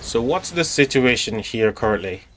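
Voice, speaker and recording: A man's voice: mid-range voice, animated, normal speed. Chatty male live-streamer talking to chat. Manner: chatty, rambling, talks directly to chat with many fillers. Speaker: live-stream host spectating a strategy game. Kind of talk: casual live-stream commentary.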